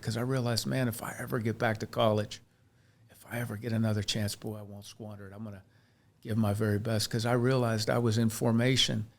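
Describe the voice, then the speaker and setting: Candid and reflective, this podcast guest, a chiropractor from Pennsylvania, recounts his life in an earnest interview. His voice sits fairly low and has a creaky quality, and he often starts sentences over.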